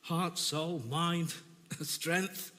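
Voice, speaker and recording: Man preaching, earnest and emotional, bright forceful voice, somewhat high, long church reverb. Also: little pitch movement. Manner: earnest, emotional testimony with halting repeats. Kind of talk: sermon.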